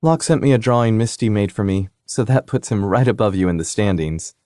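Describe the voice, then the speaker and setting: A man's voice: lowish voice, animated, a little fast, dark tone, no echo, studio quality, pitched above the performer's own voice, natural voice. A man voicing a cheerful, teasing young woman in an audiobook, a playful sister. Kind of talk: audiobook character reading.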